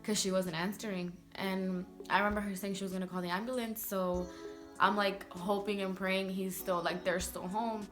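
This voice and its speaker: A woman's voice: mid-range voice, level tone, moderate pace. Rambling young woman vlogger, music behind. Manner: rambling, heavy use of "like" fillers. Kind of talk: emotional personal storytelling.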